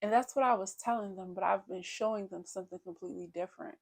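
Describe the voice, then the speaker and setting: A woman's voice: medium pitch, steady tone, fast, gravelly, darkish tone. A woman in her thirties, talking openly and reflectively about her feelings in a personal vlog. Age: 30s. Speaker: vlogger. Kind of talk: candid personal vlog talk.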